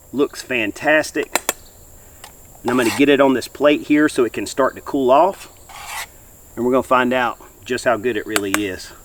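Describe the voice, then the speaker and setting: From a campfire in the woods, a man hosts an outdoor cooking show, addressing viewers in a folksy, upbeat, enthusiastic vlog style. His voice is mid-range, with slight background noise.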